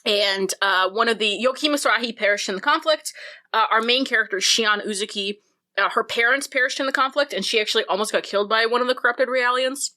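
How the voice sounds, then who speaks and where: A woman's voice: on the high side, a little fast, bright, forceful tone. A woman co-hosting a casual podcast, rambling and swearing in a joking way while drooling from spicy wings. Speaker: podcast co-host. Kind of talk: casual chat while eating hot wings.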